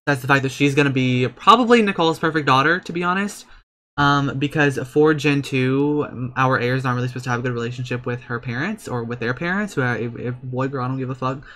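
A young man giving casual, chatty commentary over a life-sim game, excitable and swearing freely as he talks to his viewers. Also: mid-range voice, fairly quick. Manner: excitable, with sudden gasps and squeals; chatty and profane, talking straight to viewers. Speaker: let's play creator.

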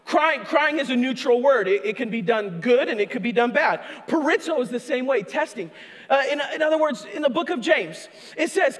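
High-voiced pastor preaching in an echoing hall. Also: male voice, moderate pace. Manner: animated preaching, voices a tempter mockingly, shouts for emphasis. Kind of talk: sermon. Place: church sanctuary. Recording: long echo of a church hall.

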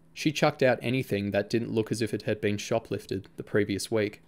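A man narrating a novel aloud at a steady storytelling pace, voicing its characters himself. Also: fairly low pitch. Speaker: audiobook reader.

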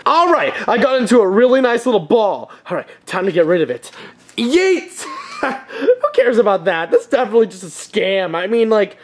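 A young man voicing a bratty, impatient young prince in a fan puppet video, with a whiny, complaining, animated manner. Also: high-pitched, fairly quick.

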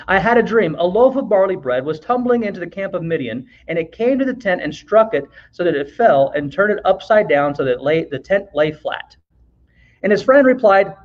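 The audio is dull and lo-fi as a man with a high voice leads a Bible lesson. His style is relaxed and chatty: he reads out verses, stops to ask the class questions and slips in the occasional joke.

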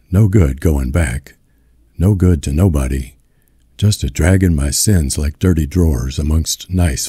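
A man's voice: a bass voice, warm tone, breathy edge, no echo, clean studio sound, full character voice. A man doing drunk despairing Uncle John. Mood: stubborn, mournful.

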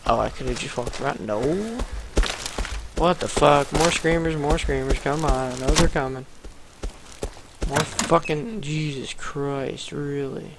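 A man's voice: fairly high pitch, measured pace. A man playing a horror game and commenting, swearing a lot and trash-talking the monsters. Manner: profane, trash-talking, jittery. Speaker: let's play gamer. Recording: noisy home recording.

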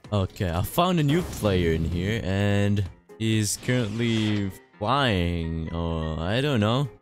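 A young man giving casual commentary over his own gameplay, excitable and laughing, repeating short phrases. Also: on the low side, takes it slowly, faint music behind. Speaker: gaming youtuber.

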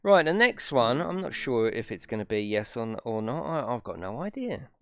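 A man's voice: mid-range voice, big pitch swings, moderate pace, a bit bright, no room sound. A young man casually chatting on a live stream, swearing freely and laughing often. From United Kingdom. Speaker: gaming streamer.

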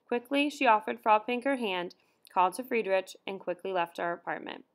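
A woman's voice: medium pitch, expressive, moderate pace. Woman narrating an audiobook. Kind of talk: scripted narration.

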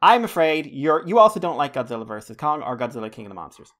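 A man's voice: on the high side, big pitch swings, quick pace, a bit bright. A man co-hosting a fan podcast in casual chat, teasing his co-host with mock insults and telling stories with gusto.

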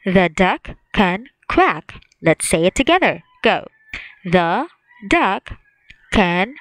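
Slow-paced woman teaching phonics. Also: mid-range voice, sing-song, no echo, low-quality recording. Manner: slow drawn-out call-and-repeat drills. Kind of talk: phonics lesson for young children.

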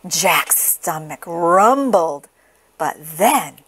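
A woman reading a children's picture book aloud in a slow, expressive sing-song. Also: lowish voice, slightly rough. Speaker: storybook reader.

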